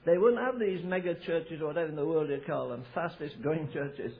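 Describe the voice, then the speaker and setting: A man's voice: fairly quick, creaky. A man from America preaching a sermon, telling stories with emphasis and frequent restarts. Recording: tinny, phone-like low-fidelity recording.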